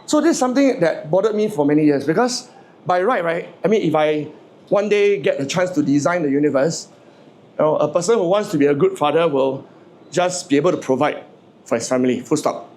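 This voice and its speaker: A man's voice: fairly high pitch, lively intonation, fairly quick, a little mellow. A man, giving a humorous motivational speech to a live audience, stammering and repeating words as he jokes and asks the crowd questions. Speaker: motivational speaker.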